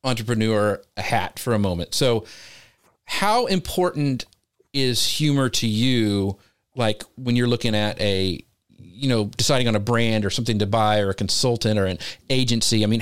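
A man's voice: mid-range voice, normal speed, clear, resonant tone, no room sound, clean studio sound. A man co-hosting a live show, asking questions in a rambling way with restarts. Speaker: co-host. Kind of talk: casual interview questions.

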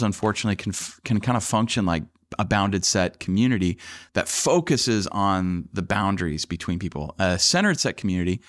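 A low-voiced man, a pastor, shares stories with earnest enthusiasm and loose, conversational phrasing. His words often stumble and restart. The sound is close and dry, with no room echo. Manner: earnest, animated storyteller with frequent restarts and fillers. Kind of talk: conversational storytelling interview.

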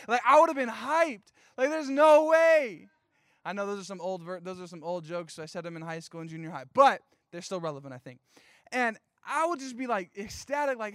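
A young man preaching a sermon, telling a story with animated, playful asides and casual slang. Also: very high-pitched, brisk, dry recording, studio quality. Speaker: youth pastor.

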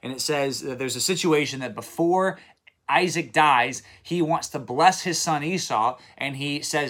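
A man's voice: a little high, unhurried, fairly bright tone. A man giving casual daily Bible commentary, retelling the stories in plain modern speech and checking in with listeners as he goes. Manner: checks in with listeners, repeats for emphasis. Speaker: Bible reading teacher.

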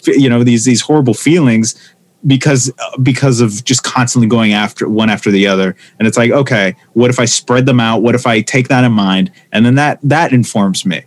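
A man, a stand-up comedian, talking casually and telling animated stories, acting out the voices of the people he quotes. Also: medium pitch, brisk. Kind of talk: casual conversation.

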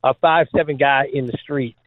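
A man's voice: medium pitch, normal speed, no room sound. Man, former basketball pro, chatty storyteller, jokey, dry phone-line sound. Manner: joking, animated storyteller with many fillers. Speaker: guest, former trick basketball player. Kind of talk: storytelling interview talk.

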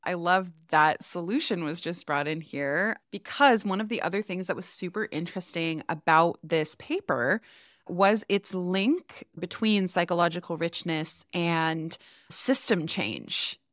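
A woman's voice: fairly low pitch, measured pace, fairly bright tone, no echo, studio quality. A woman co-hosting a casual podcast chat, speaking reflectively and reading quotes aloud. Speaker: podcast co-host. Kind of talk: casual chat about a psychology paper.

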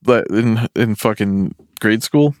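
A man's voice: lowish voice, slow pace, no room sound, studio quality. A man co-hosting a podcast in casual chat, blunt, wisecracking and profane. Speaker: podcast co-host.

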